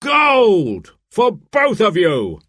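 A man voicing a bossy, scheming male sheriff who calls out loudly in a raised, higher voice. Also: sing-song, takes it slowly, a little hiss or hum, full character voice. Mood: exultant.

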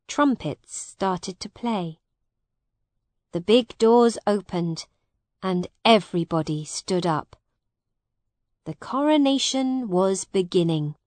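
A woman narrating a storybook in a slow, clear, simple reading manner. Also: mid-range voice, darkish tone, no room sound.

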